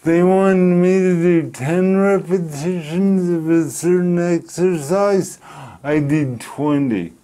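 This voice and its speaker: A middle-aged man from Canada, telling a personal story in an interview, speaking slowly and deliberately with pauses. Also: high voice, dark tone. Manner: slow, deliberate speech with pauses and restarts. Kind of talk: reflective storytelling.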